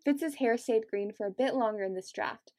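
A woman co-hosts a chatty podcast, reading passages aloud and breaking off with giggles and dramatic asides. Her voice sits fairly high for a woman, and she sounds tired. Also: normal speed, warm tone. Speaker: podcast co-host.

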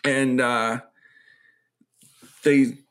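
Male podcast co-host, relaxed chatty plot recap. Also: medium pitch, extremely slow. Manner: recaps plot, acting out quotes in put-on voices. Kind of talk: casual film review chat.

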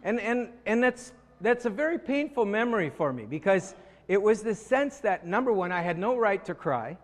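A man's voice: high-pitched, big pitch swings, normal speed. A man preaching a sermon, telling a story and acting out quoted voices, often repeating words as he starts a thought. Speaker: pastor. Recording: long hall reverb.

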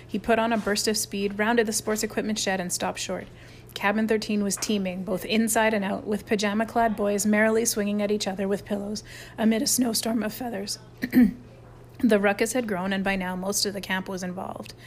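A woman's voice: mid-range voice, level tone, moderate pace, a little hiss or hum. Woman reading a storybook aloud. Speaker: audiobook reader. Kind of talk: storybook narration.

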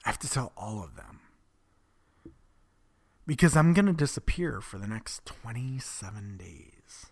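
A man telling a personal story in a candid, confessional way, often dropping to a breathy near-whisper and swearing bluntly. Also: medium pitch, very animated, unhurried, pauses often, darkish tone. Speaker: vlogger telling his own story.

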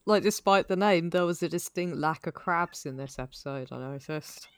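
A woman's voice: on the low side, moderate pace, clear, resonant tone, no room sound, clean studio sound. A woman chatting casually on a podcast, joking and laughing often. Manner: laughs often, wry jokes. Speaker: podcast co-host. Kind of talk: casual chat.

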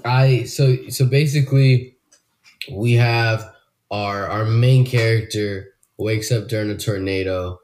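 A man's voice: lowish voice, steady tone, slow, a little mellow. A man hosting a casual movie review podcast, talking in a loose, rambling way with frequent swearing. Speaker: podcast host.

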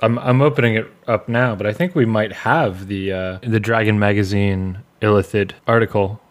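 A man's voice: fairly low pitch, normal speed. A man co-hosting a casual podcast chat, upbeat and jokey as he introduces the episode. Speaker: podcast co-host.

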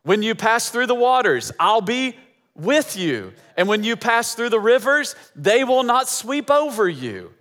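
Emphatic high-voiced pastor preaching. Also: male voice, big pitch swings, measured pace, a bit bright, big-room sound. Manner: emphatic, repeating phrases for effect. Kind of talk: sermon.

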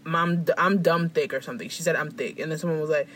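A man's voice: fairly high pitch, fairly even intonation, fast talker, a bit bright, a little hiss or hum. A man in casual chat, ranting animatedly and mocking the voices of people he quotes.

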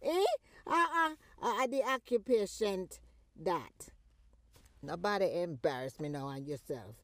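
A woman playing a mother in a comedy skit who scolds and teases her daughter in a loud Jamaican accent, with a lively voice. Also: on the low side, measured pace, no room sound. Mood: scolding.

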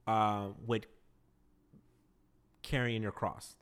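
A man's voice: on the low side, level tone, drawn-out words, a bit bright, smooth. A man hosting a podcast, speaking candidly in casual conversation and laughing a little when he gets emotional. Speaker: podcast host.

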